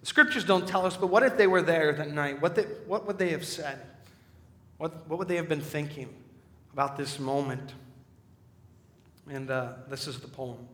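A male preacher with a high, bright voice closes a sermon in a measured, reflective way. His words ring through a large hall with a long reverb. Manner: measured and reflective, with hesitant fillers.

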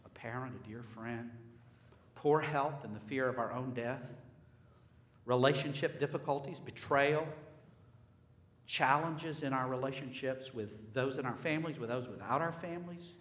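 Emphatic preacher in an echoing hall. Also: male voice, mid-range voice, moderate pace, a bit bright. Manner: emphatic, with rhetorical questions and repeated phrases. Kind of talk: sermon. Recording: echoey hall with long reverb.

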